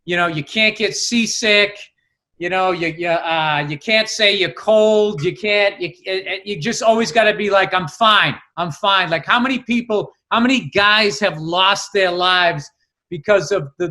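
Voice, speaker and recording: A man hosting a podcast, riffing emphatically in casual chat with halting restarts. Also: high-pitched, pushed and bright.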